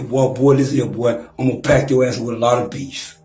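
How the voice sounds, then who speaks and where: A man's voice: medium pitch, fairly even intonation, brisk, few pauses, darkish tone, roomy sound, soft background music. A man in his forties trash-talking and taunting on a profane livestream rant, mock-rapping at times. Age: 40s.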